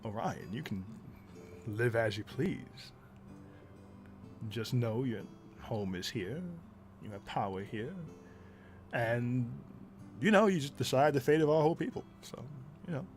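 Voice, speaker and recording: A proud, jovial royal father, voiced by a man running a tabletop game. He speaks in a mid-range voice, soft and warm when he advises and loud when he roars with glee. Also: mid-range voice, lively intonation, unhurried, long pauses, faint music behind, close to an everyday voice. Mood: fatherly. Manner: gentle, then roaring with glee.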